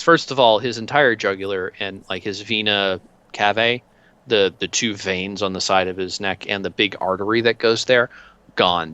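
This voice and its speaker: A man runs a tabletop game as game master, describing scenes in a bright, forward voice. He talks loosely and casually, stopping and restarting often and filling gaps with ums. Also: on the low side, clean tone. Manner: chatty, halting with fillers and restarts.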